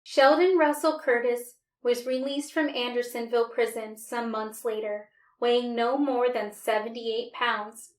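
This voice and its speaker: A woman reading a storybook aloud with an expressive, dramatic delivery. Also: fairly high pitch, unhurried, hardly any pauses. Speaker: storybook reader. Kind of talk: read-aloud storybook narration. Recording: roomy, distant mic.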